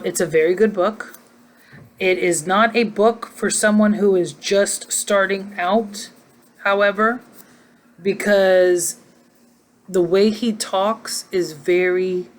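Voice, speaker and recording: A middle-aged woman chatting casually to her viewers from home, rambling from one tangent to the next. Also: lowish voice. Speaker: vlogger. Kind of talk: casual chat to camera.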